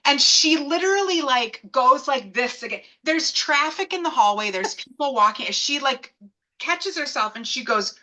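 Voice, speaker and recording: A woman in her thirties telling a personal story as an interview guest, animated and acting out the voices of people she quotes. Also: high-pitched, moderate pace, rough recording.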